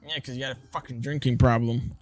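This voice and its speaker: A man's voice: mid-range voice, fast talker. A man co-hosting a podcast, chatting casually, cursing often and acting out voices when he retells things. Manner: loud, profane, animated when retelling, does voices of others. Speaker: podcast co-host. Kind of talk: casual chat.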